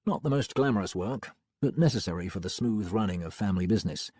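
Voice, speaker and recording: A man narrating an audiobook in the first person, wry and expressive, on a close studio mic. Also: lowish voice, fast talker, breathy edge, dry recording. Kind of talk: scripted narration.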